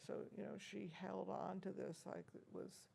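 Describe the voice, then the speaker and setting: A woman's voice: medium pitch, flat delivery, normal speed, vocal fry, warm tone, husky. An older American woman being interviewed as an organist and teacher, telling stories in a chuckling, anecdotal way with many hesitant restarts. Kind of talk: reminiscing interview talk.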